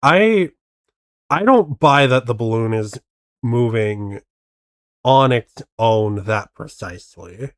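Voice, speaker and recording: Slow-talking skeptical male streamer. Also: mid-range voice, animated, no room sound, studio quality. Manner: skeptical, picks apart tricks. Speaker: streamer reacting to videos. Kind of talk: casual reaction commentary.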